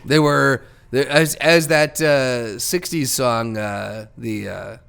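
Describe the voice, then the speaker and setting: A man co-hosting a casual podcast, wry and swearing casually, trading quick one-liners. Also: medium pitch, fairly even intonation, vocal fry, fairly bright tone, clean tone. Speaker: podcast co-host. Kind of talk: casual chat.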